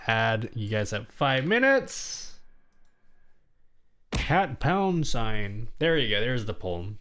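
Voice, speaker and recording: A young man chatting casually on a home live stream, his voice sitting a little high and swinging widely up and down. He reads viewers' messages aloud and answers them in a rambling way, often restarting his sentences. The sound is close and clean, from a desk microphone. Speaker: livestreamer.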